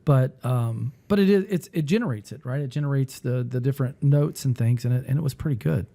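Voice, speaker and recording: A man hosting a casual talk who rambles and thinks aloud while he clicks through music software. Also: mid-range voice, a little fast, gravelly. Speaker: music teacher and podcast host.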